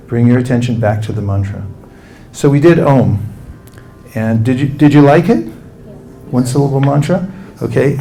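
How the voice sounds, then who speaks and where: A man giving a spiritual talk as a meditation teacher, calmly instructing listeners and leading them in mantra chanting. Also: mid-range voice, a little hiss or hum. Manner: calm, instructive, leads the audience through chanting.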